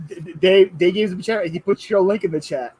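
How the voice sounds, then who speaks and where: Excitable man hosting a live stream. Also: high voice, a little fast, slightly rough, no room sound, rough recording. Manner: chatty, gets loud and excited reading viewer donations. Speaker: livestream host. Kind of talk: casual chat.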